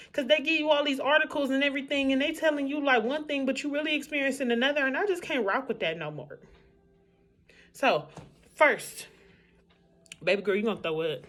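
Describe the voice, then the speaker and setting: A woman's voice: high-pitched, fairly bright tone. Chatty, candid woman vlogging to camera. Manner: chatty, candid, talks straight to viewers. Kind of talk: casual chat to camera.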